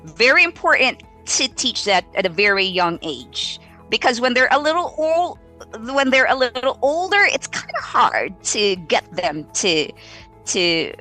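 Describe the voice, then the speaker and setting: Slow, bright-voiced woman teacher. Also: medium pitch. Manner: animated, models exaggerated reading voices. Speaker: ESL teacher. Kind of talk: live-streamed teaching tips.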